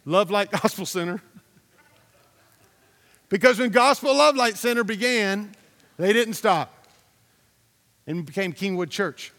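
High-voiced pastor preaching in a reverberant hall. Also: male voice, a little slow, pauses often, a bit bright. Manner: conversational and storytelling, repeats phrases, asks the congregation questions. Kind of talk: sermon.

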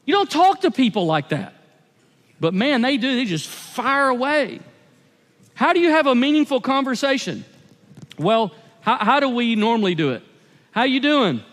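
A man's voice: very high-pitched, sing-song, moderate pace, fairly bright tone, in a large hall. A man preaching a sermon as pastor, conversational and emphatic, with repeated phrases.

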